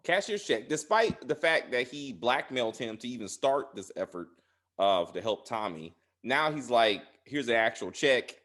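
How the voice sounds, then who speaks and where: A man co-hosting a casual TV recap chat, acting out character lines in an animated way. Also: medium pitch, moderate pace. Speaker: podcast co-host.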